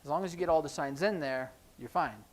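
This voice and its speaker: A man teaching a sign language class in a church classroom, explaining in a relaxed, conversational way with frequent ums. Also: fairly high pitch, fairly quick. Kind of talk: classroom lesson.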